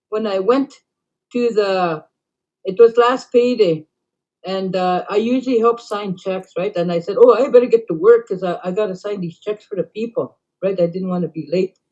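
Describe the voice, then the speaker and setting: A middle-aged woman telling a long story in casual talk, rambling with many fillers and dropping to quiet asides. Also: mid-range voice. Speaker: band councillor. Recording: dull lo-fi recording.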